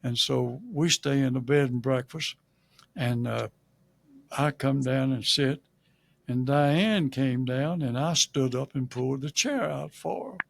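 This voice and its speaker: A man's voice: mid-range voice, unhurried, vocal fry. An older man from Louisiana with a Southern accent, telling folksy, humorous stories as a guest on an interview show. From Shreveport, Louisiana. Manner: folksy, humorous, chuckles at his own jokes. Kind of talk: storytelling.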